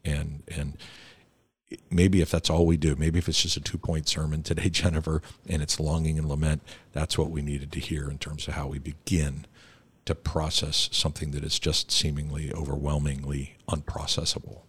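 A man's voice: a bass voice, flat delivery, moderate pace, husky. A man hosting an interview, reflective and affirming as he talks. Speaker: host. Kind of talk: conversational interview.

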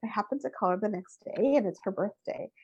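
A middle-aged woman, a guest in an interview, telling a personal story with lively expression. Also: medium pitch, fairly quick, husky, highs cut off. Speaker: interview guest, workshop speaker.

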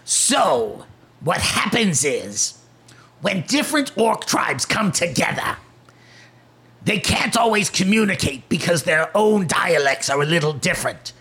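A man growling as a gravelly, scornful orc. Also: high voice, sing-song, pushed and bright, exaggerated voice. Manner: slow, scornful, barking insults. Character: menacing gravelly orc, contemptuous. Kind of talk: tabletop game voice acting.

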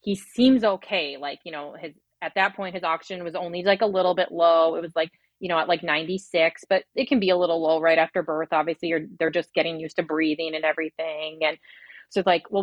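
A woman's voice: fairly low pitch, steady tone, dry recording, lo-fi sound. A woman in her thirties telling her birth story in a rambling, heartfelt way, full of fillers and quoted thoughts. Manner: quick, rambling, many fillers and acted-out inner quotes. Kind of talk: emotional personal storytelling.

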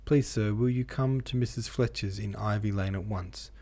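A timid, ragged little girl pleading for help, as a man reading the book puts her on. Her voice stays low and mellow. She asks urgently and politely. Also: normal speed.

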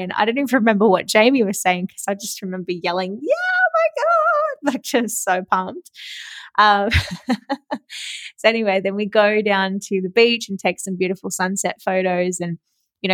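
A young Australian woman with a medium-pitched voice tells a story on her podcast, chatty and excitable. She laughs often and swears casually, with no room sound in the recording.

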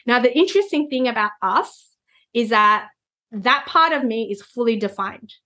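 A woman's voice: on the high side, animated, moderate pace, sharp tone. A woman, a guest reader, explaining concepts in a conversational chat and often checking in with "right?". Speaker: Human Design reader, guest.

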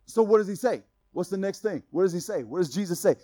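A pastor preaches in a casual, conversational style, laughing at his own asides and swinging from loud emphasis to quiet intensity. His voice is high-pitched and animated, he talks fast with few pauses, and there's no echo.

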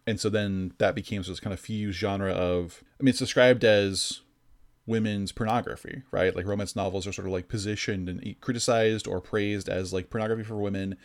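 Low-voiced man hosting a loose podcast. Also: fairly even intonation, a little fast. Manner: loose, rambling, peppered with "like". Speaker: podcast host. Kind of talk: casual podcast chat.

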